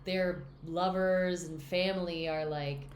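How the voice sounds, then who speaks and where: A young woman with a lowish voice co-hosts a book podcast, rambling through scenes and teasing her friend. The sound is roomy and echoey, with a faint hiss underneath. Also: steady tone, slow. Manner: rambling, teasing, restarts sentences. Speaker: podcast co-host. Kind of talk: casual book-club chat.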